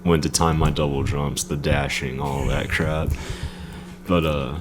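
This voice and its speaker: A man's voice: rumbling low, level tone, a little slow, noisy background. A man co-hosting a casual game podcast, laid-back and giving short agreeing replies. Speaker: podcast co-host. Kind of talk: casual game review chat.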